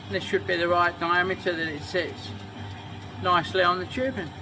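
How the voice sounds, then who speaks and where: A man in his fifties talks through a motorcycle build in his workshop, salty and rambling, swearing freely as he goes. His voice sits a little high for a man, and soft music plays underneath. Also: level tone, moderate pace.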